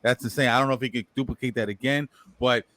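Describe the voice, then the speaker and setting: A man's voice: mid-range voice, steady tone, fast talker, a bit bright. A man from New co-hosting a casual sports podcast, talking in a rambling, profane way and repeating words as he thinks. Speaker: podcast co-host.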